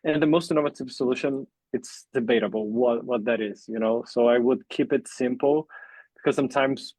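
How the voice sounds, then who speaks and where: A man's voice: mid-range voice, darkish tone, no echo, low-quality recording. A man speaking as a mentor in an online workshop, loose and hesitant, often leaning on "like". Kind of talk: casual online workshop talk.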